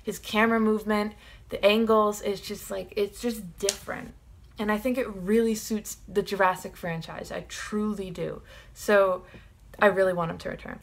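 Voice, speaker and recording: A young woman vlogger giving her film opinions in a casual, excited, rambling way. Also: mid-range voice, moderate pace, creaky.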